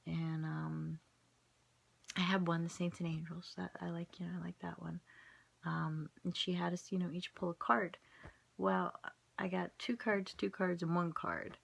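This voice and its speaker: A woman's voice: fairly low pitch, little pitch movement, a little slow, gravelly, a bit bright. A woman vlogger telling a rambling, self-mocking story in a casual way, breaking into laughs.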